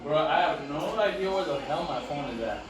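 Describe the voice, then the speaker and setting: A man ranting casually to camera in slangy, profane talk, getting louder when he is indignant. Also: fairly high pitch, a little fast, over music, low-quality recording. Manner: slangy, animated, swears freely; rising loud when indignant. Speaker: investing vlogger.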